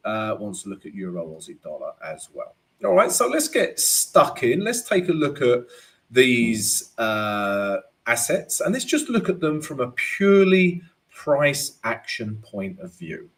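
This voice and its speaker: A man's voice: mid-range voice, sing-song, takes it slowly. A man hosts a live chart-analysis stream in an easygoing, chatty way. His voice rises and falls a lot while he talks, and he takes his time. He keeps checking in with "right?" and greets viewers by name. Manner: peppers talk with "right?" and "you know". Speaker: forex trading analyst and host.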